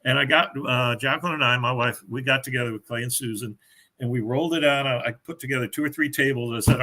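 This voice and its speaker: A man's voice: mid-range voice, steady tone, quick pace, sharp tone. An older man, a guest author, chatting casually and telling stories with frequent laughter. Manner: chatty storyteller, laughs often. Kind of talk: casual chat.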